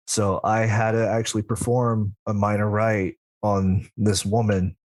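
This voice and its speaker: A man's voice: lowish voice, steady tone, normal speed, few pauses, darkish tone, dry recording. A man who works as a demonologist, telling a long story in a casual interview, full of asides and little laughs. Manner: rambling, with frequent asides and laughs. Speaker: practicing demonologist guest.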